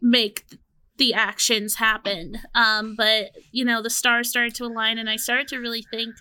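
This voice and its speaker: Bright, crisp young woman podcaster. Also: a little high, moderate pace, no echo. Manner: relaxed, rambling with restarts. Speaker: podcast co-host. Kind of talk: casual chat.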